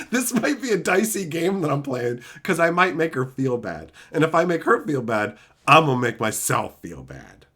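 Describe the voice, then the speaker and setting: A man streaming live, ranting loudly with constant swearing and insults, reading and mocking chat comments. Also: high-pitched. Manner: loud, swearing, insulting rants; reads chat comments aloud and mocks them. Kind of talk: profane livestream rant.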